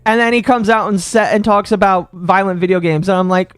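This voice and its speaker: A man from Texas streaming live, chatting casually with his audience in a rambling, excitable way that tips into rants. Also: high voice, smooth, dry recording, soft background music. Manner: rambling, excitable, quick to rant.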